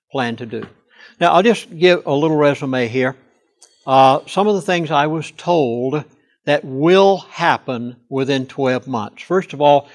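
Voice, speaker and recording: A man's voice: mid-range voice, vocal fry. An older man, a pastor, speaking earnestly and emphatically in a studio interview and leaning hard on key words. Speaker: pastor and chaplain.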